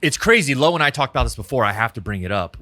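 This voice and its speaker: American man, podcast host, bright voice, lively pitch, casual and swearing, dry mic. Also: rapid-fire, no room sound. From United States. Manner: enthusiastic, curses casually. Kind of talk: casual chat.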